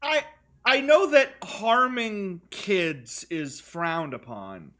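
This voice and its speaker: A man co-hosting a podcast, chatting casually and cracking dry, deadpan jokes. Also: sits high, very slow. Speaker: podcast co-host. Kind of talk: casual chat.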